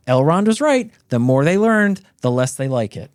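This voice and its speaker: A man casually retelling a book's plot on a podcast, animated and profane, acting out the characters' lines. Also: sits high, moderate pace, no room sound, clean studio sound. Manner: animated storyteller, swears freely, acts out characters. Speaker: podcast host retelling a book. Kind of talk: casual chat.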